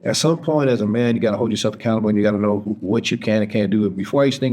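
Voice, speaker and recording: A man from Texas tells his personal story as a podcast guest, speaking candidly with a fairly low voice. He brings the people he quotes to life by acting out their words. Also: very fast, few pauses, warm tone.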